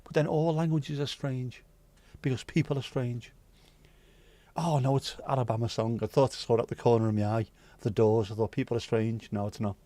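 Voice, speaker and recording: A man's voice: medium pitch, fairly even intonation, fairly quick, dark tone, dry recording. A man hosting a livestream, chatting casually with viewers, rambling and musing aloud with plenty of swearing. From Wales. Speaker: livestream host.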